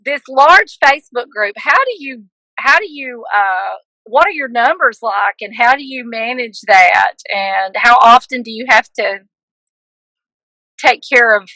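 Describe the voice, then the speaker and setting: Bright high-voiced woman co-host. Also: unhurried, no echo, low-quality recording. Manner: chatty, stumbling restarts, giggly. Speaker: co-host, school counselor. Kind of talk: casual interview chat.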